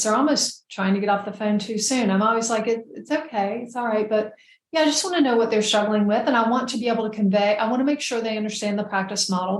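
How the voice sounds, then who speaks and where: A middle-aged woman, a physician guest, talking casually and earnestly in an interview, often repeating words as she goes. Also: medium pitch. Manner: earnest, friendly, frequent word repeats. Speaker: gastroenterologist guest. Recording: echoey room.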